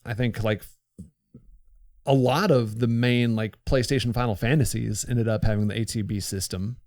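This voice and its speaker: A man's voice: medium pitch, steady tone, normal speed, a little mellow, no echo, clean studio sound. Laughing man hosting a game riff. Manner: laughing, self-deprecating, lots of fillers. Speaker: host playing the game. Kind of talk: casual comic let's-play chat.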